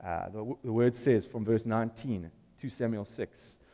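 A man's voice: on the low side, normal speed, mellow, long reverb tail. A man preaching a sermon in a conversational, storytelling way, putting questions to the congregation.

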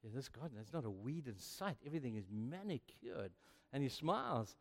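With a medium pitch, a fairly quick pace and some vocal fry, an older man delivers sermon stories and dramatizes the conversations in a rising, animated voice. His energy builds steadily, and a long hall reverb colors the sound.

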